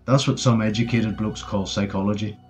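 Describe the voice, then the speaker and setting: A man's voice: fairly low pitch, fairly even intonation, a little fast, soft background music, lightly acted. A man reading as a cheeky young British soldier. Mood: jaunty. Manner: breezy and joking.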